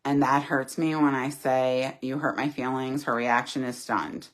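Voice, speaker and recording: A woman's voice: a bass voice, steady tone, a little slow. A middle-aged woman hosting a casual live chat, reading viewers' comments aloud and answering them earnestly and candidly.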